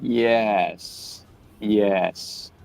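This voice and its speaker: A man's voice: on the low side, fairly even intonation, extremely slow, vocal fry, a little mellow. A man hosting a casual chat while drawing, playful and goofy, with mock-offended banter. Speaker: host.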